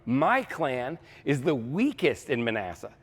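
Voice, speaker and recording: A man's voice: mid-range voice, sing-song, measured pace, breathy edge, big-room sound. A man voicing a timid young male farmer who protests that he is too weak for the task, with an anxious, self-deprecating manner.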